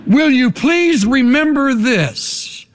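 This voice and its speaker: A man's voice: extremely high pitch, lively intonation. Impassioned older man preaching, echoing hall. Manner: impassioned preaching with long pauses. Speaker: pastor. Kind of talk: sermon with altar call. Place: large church sanctuary. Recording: long hall reverb.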